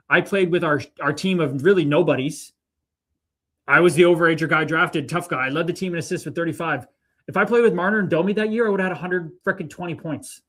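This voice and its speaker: A man's voice: on the high side, fairly bright tone. A man in his thirties hosting a casual livestream, swearing freely and mixing hype with preachy spiritual talk while reading out comments. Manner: profane, hyped-up, preachy spiritual lingo. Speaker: livestream host. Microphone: streaming mic.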